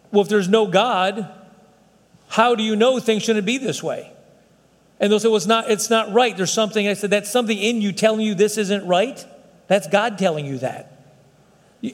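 A man's voice: high-pitched, big-room sound. A man preaching a sermon as pastor, in a folksy, conversational way with frequent restarts.

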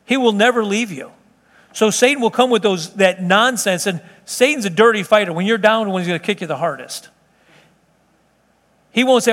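Speaking briskly in a high, fairly bright voice, a pastor preaches his sermon from the pulpit and repeats key lines for emphasis. The sanctuary gives the recording a lengthy hall reverb.

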